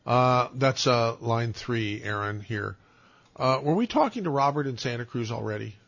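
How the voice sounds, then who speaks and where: A man hosts a call-in radio show, rambling and fumbling between jokes. His voice is a little husky. The sound is slightly dull and lo-fi. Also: mid-range voice, expressive, normal speed, a bit bright. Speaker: radio host.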